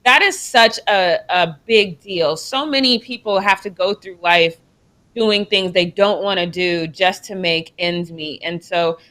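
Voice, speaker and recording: A young adult woman co-hosting a sports show in casual chat, expressive and emphatic, laughing often. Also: lowish voice, a little slow.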